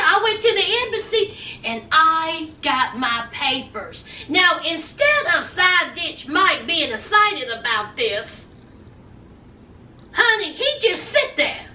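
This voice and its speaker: A woman's voice: very high voice, bright, forceful tone, roomy sound, recorded from a distance. A woman giving sassy, dramatic commentary in a TV recap vlog, full of folksy slang. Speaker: reality TV recap vlogger.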